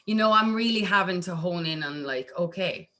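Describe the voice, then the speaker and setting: Lively Irish woman guest, slightly low-pitched, talks in bursts and restarts, acts out quotes. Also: normal speed. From Ireland. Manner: animated, acts out quotes in a jumpy high voice, lots of restarts. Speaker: singer-songwriter guest. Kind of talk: casual interview chat.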